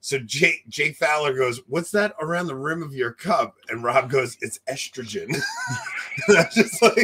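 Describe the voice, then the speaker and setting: A man co-hosting a casual livestream chat, loud and often laughing as he tells stories into a close desk mic. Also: mid-range voice, animated, unhurried, husky. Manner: loud, laughs a lot while telling stories. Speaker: podcast co-host. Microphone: desk mic close to face.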